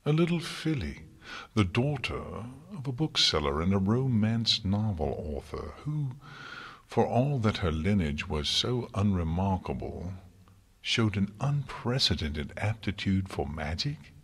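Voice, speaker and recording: A man voicing a regal, motherly pony princess who speaks softly and pleads with guilt, in an audiobook reading. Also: on the low side, sing-song, a little slow, slightly rough, heavily acted. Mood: pleading. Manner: soft, pleading, tender.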